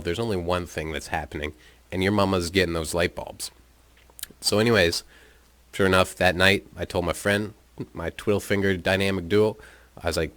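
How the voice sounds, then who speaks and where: A man's voice: deep voice, fairly bright tone, no echo. A young man casually telling a story from his room, laid-back, amused and freely profane. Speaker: vlogger.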